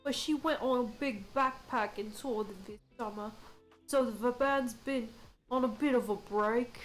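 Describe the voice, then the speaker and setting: Nervous young musician voiced by a woman; put-on accent, higher voice, with soft music under it. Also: measured pace, close to an everyday voice, low-quality recording. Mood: hopeful. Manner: a put-on accent she is trying out. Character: young male band musician, scatterbrained, nervous about his songs. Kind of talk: reading game dialogue aloud.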